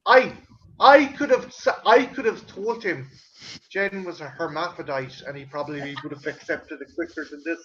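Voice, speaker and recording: A man telling a family story in casual chat, animated and swearing, acting out his parents' voices. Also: a little high, normal speed, muffled recording, a little hiss or hum. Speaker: host.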